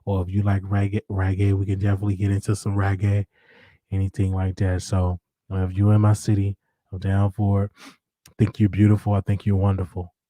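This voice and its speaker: A man putting on a deep, slow, seductive late-night voice as a smooth romantic man. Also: monotone, mellow, no echo, natural voice.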